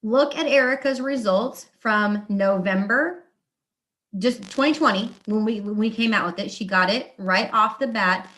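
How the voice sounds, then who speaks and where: A woman beauty consultant giving a live product presentation. She talks in an enthusiastic, chatty way, with quick asides and acted-out quotes. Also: medium pitch, a bit bright.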